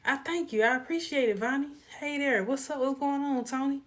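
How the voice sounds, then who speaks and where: A woman's voice: high-pitched, fairly quick, few pauses. A woman hosting a casual live stream, greeting viewers one by one and sharing motivational thoughts in a tired, laid-back way. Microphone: phone.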